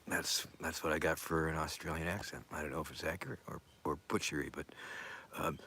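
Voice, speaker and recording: Super deep husky guy hosting his stream, rambly, lots of ums, mutters half of it. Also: brisk, sharp tone, no echo. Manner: rambling and offhand, with many fillers, often dropping to a mutter or whisper. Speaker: show host. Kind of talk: casual live-stream chat.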